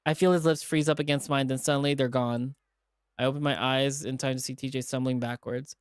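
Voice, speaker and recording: A man's voice: mid-range voice, a little fast, clear, resonant tone, dry recording, clean studio sound. A man streaming as he reads a visual novel aloud and voices its characters in a dramatic way. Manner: dramatic reading, animated asides.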